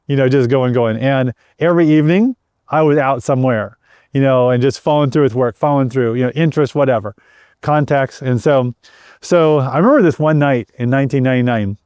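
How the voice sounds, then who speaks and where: A middle-aged man tells a personal story as an interview guest, speaking earnestly at an ordinary pitch for a man. He often repeats words and restarts his sentences as he goes. The recording is dry and close, with no room echo. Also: darkish tone. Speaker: guest sharing a personal testimony.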